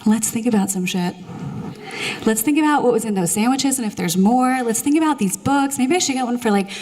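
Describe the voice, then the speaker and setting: A woman voicing her own distractible, chattering inner mind in a quick, rambling aside. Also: a little high, animated, darkish tone, natural voice. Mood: restless chatter. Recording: long hall reverb.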